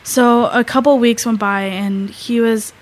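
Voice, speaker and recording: A teenage girl co-hosting a talk show, telling a story in a halting way, with many fillers and restarts. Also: a little high, steady tone, rough recording. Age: teens. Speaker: co-host. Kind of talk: casual storytelling.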